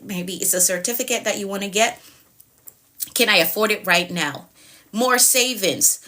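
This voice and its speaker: Woman, productivity coach, live stream, bright tense tone, greets viewers by name, repeats questions. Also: mid-range voice. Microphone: phone or webcam on a live stream.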